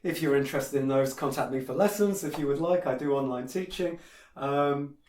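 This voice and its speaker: A man's voice: mid-range voice, moderate pace, darkish tone, slight background noise. A man teaching a piano piece in a casual tutorial, opinionated and hesitant, with many fillers and restarts. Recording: echoey room with piano playing.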